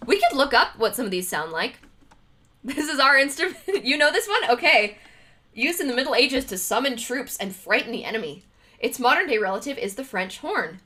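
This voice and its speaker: A woman streamer talks her way through trivia questions in a casual livestream chat, laughing often and greeting her viewers. Her fairly high voice swoops and bounces with lots of expression. Her tone is bright and sharp. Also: big pitch swings, moderate pace.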